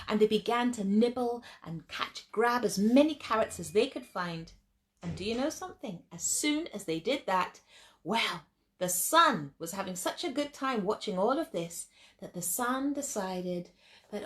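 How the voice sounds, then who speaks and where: A woman storyteller telling a children's tale in an animated, expressive way, often speaking directly to her listeners. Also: medium pitch, a little slow.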